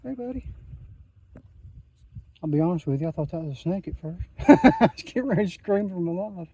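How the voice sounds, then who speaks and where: A man's voice: on the high side, fast, warm tone, breathy edge. A man, talking in a rambling, enthusiastic way into his phone while out hiking a mountain trail. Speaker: hiking vlogger. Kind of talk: casual trail vlog. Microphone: phone camera.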